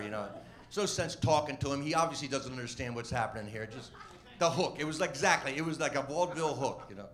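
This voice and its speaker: Guy comic rambling thru an old story, quick and animated, voice a bit high. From Washington D.C. area. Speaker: comedian. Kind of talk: storytelling interview.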